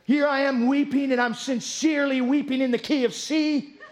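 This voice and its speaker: A man preaching a sermon, moving between low storytelling and shouted exhortation. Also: steady tone, normal speed, a little hiss or hum.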